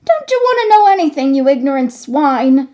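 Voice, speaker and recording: A woman reading aloud, voicing a savage hunchbacked boy who shrieks insults in a shrill voice. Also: normal speed, a little mellow, close to an everyday voice. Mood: furious.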